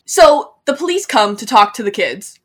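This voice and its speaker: A woman's voice: on the high side, big pitch swings, normal speed, a bit bright. A young woman co-hosting a podcast, chatting casually and recapping a show with lots of fillers and giggles. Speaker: podcast co-host.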